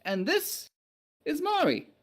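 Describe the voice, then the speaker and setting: A man's voice: very high-pitched, huge pitch swings, takes it slowly, pitched above the performer's own voice, heavily acted. A man voicing a polite, slightly flustered male knight who keeps a pet owl.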